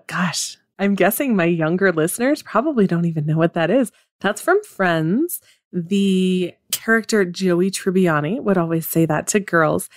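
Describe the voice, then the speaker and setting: A woman's voice: fairly low pitch, no room sound, clean studio sound. A woman hosting her own podcast, speaking in an upbeat, chatty way straight to her listeners. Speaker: podcast host. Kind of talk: solo podcast monologue.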